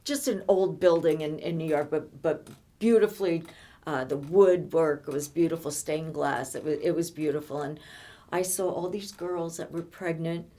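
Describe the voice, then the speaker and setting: An older woman recounting her own past in a relaxed conversation. Her voice sits fairly low, and she speaks in halting bursts, often repeating words and starting over. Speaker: interviewee. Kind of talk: personal storytelling conversation.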